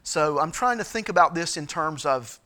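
A middle-aged man as a pastor, giving a sermon-style teaching talk, halting with frequent fillers and restarts. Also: fairly high pitch, lively intonation, sharp tone.

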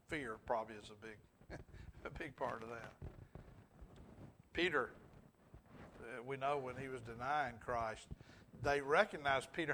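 A man's voice: mid-range voice, bright, forceful tone, a little hiss or hum. A middle-aged man with a Southern US accent teaching a Bible class, asking the group questions and chuckling as he goes. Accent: Southern US, Alabama. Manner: asks the group questions, chuckles, restarts often.

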